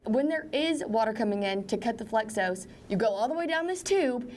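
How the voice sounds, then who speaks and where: A woman TV reporter talking to camera inside a submarine in a lively, chatty way. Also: on the high side, brisk, a little hiss or hum. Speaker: TV reporter on location.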